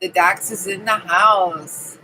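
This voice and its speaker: A woman's voice: medium pitch, fairly even intonation, takes it slowly, pushed and bright, slight background noise, low-quality recording. A woman hosting a casual live stream from her camping trailer, chatting and greeting viewers by name. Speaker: livestream host.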